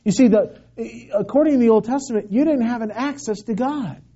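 Guy preaching a sermon, warm low-key tone, goes from loud to almost hushed, kinda dull lo-fi sound. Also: fairly quick, slightly rough. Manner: emphatic preaching that swings between raised and hushed delivery. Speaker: pastor. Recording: dull lo-fi recording.

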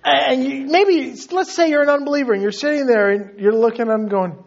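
A man's voice: very high-pitched, brisk, hardly any pauses, muffled recording. A man preaching a sermon, acting out mock voices of complaining believers between points. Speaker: pastor.

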